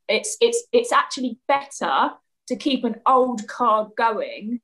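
A woman chatting as a podcast guest, opinionated and quick to laugh. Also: on the high side, lively intonation, fairly bright tone, low-quality recording. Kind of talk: casual chat.

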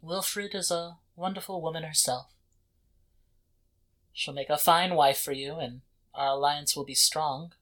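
GM doing a composed, detached noblewoman, cool and bright. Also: mid-range voice, measured pace, lightly acted. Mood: cool, dismissive. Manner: cool, detached, matter-of-fact. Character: calm, composed noblewoman, unbothered. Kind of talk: tabletop role-play voice.

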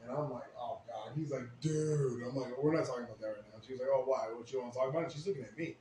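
Young guy rattling off a sweary story quick, echoey room, bit of background hiss. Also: mid-range voice. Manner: profane, animated storytelling, shouts when quoting himself. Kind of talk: casual podcast chat, storytelling. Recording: roomy echo, faint ambient noise.

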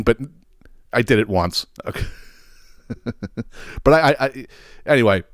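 A man's voice: medium pitch, no room sound, studio quality. A man hosting his own podcast, talking casually in a profane, rambling way with stammered repeats. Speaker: podcast host. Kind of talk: casual solo podcast monologue.

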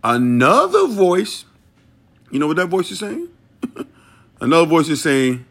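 A man's voice: a little high, big pitch swings, moderate pace, pauses often, a bit bright. A man hosting a motivational talk, dramatic and repetitive, often laughing between his lines. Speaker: motivational podcast host. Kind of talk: inspirational monologue.

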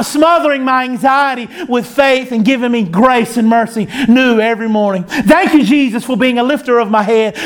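A man preaching a sermon, in an impassioned cadence that rises and falls. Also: very high-pitched.

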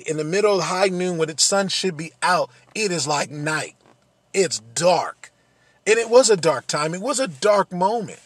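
A man delivers an earnest sermon in a fairly high, husky voice. He repeats his phrases and builds to emphatic peaks. The sound is dry and close. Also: no echo. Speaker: preacher.

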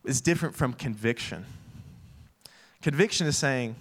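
A man's voice: fairly high pitch, moderate pace, a bit bright. A young man preaching a casual sermon full of fillers, acting out little quoted voices as he talks.

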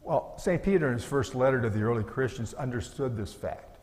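A man's voice: mid-range voice, expressive, brisk, a little mellow, long reverb tail. A middle-aged male pastor preaching a sermon in an earnest, conversational way, asking his listeners rhetorical questions.

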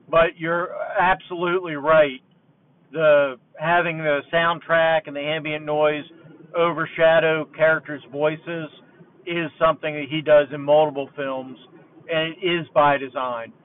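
A man leaving a matter-of-fact voice message for a podcast host. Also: a little high. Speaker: podcast caller. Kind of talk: recorded voice message. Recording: tinny phone-like line.

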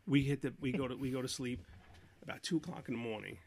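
A man's voice: medium pitch, fast talker, vocal fry, a little mellow. A middle-aged man co-hosting a live podcast, telling rambling family stories full of fillers and restarts. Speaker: podcast co-host. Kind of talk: casual chat, live stream.

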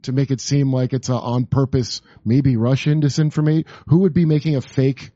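A man's voice: mid-range voice, fairly even intonation, brisk, dark tone, no echo, dull audio. A man co-hosting a show, chiming in with sardonic remarks in casual chat. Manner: sardonic interjections. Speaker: co-host.

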